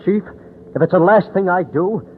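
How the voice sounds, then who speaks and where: Actor as distraught young doctor, hurried, noisy vintage radio. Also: male voice, sits high, phone-quality sound, close to an everyday voice. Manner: grief-stricken, earnest. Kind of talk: 1940s radio acting. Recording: noisy old radio broadcast.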